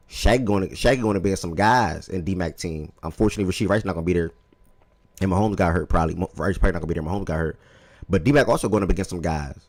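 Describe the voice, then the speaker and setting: A man hosting a casual fantasy football talk show, animated and profane, swinging between heated outbursts and low mutters. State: eating oatmeal while talking. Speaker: podcast host.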